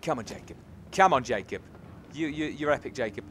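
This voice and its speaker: A British man from England giving excitable let's-play commentary, cheering and scolding the game as he plays. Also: medium pitch, fairly quick, few pauses, slight background noise. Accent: British English. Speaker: gaming channel host.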